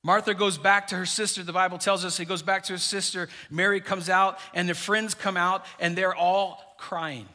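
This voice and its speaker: A pastor preaching a sermon with emphatic repetition, dropping quiet for scripture. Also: male voice, high voice, level tone, normal speed, few pauses.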